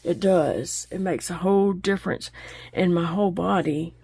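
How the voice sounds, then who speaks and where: A woman's voice: lowish voice, fairly even intonation, normal speed, vocal fry, dark tone, husky, dry recording. A woman chatting openly while she crochets, laughing easily as she talks. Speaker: crochet vlogger. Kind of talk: casual chat while crocheting.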